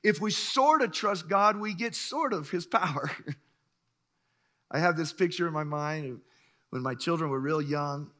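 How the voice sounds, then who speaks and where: A middle-aged man preaching a sermon, telling stories with lively acted-out voices and frequent chuckles. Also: fairly high pitch, measured pace. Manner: animated storyteller, acts out voices, chuckles often. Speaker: pastor.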